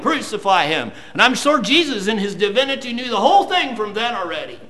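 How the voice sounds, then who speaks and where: High, lively-voiced male preacher. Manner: reads scripture slowly, then rises to loud emphatic preaching. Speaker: pastor. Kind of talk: sermon.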